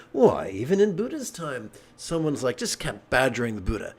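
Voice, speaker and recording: Meditation teacher, male, lively and joking, mid-pitched voice. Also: fast talker, hardly any pauses. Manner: animated, joking asides. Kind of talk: dharma talk.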